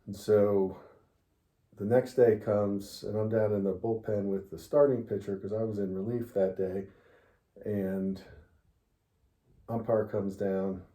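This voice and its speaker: A man's voice: fairly low pitch, fairly even intonation, unhurried, pauses often, mellow. A middle-aged man telling a long baseball story in a casual interview, laughing often as he goes. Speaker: interviewee, father of the host. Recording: roomy echo.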